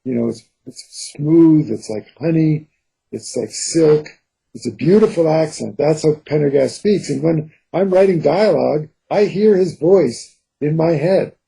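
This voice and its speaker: A man, a thriller co-author, explaining his writing in an interview in an earnest, unhurried way. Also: a little high, gravelly, dark tone, husky, poor audio. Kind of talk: interview answers.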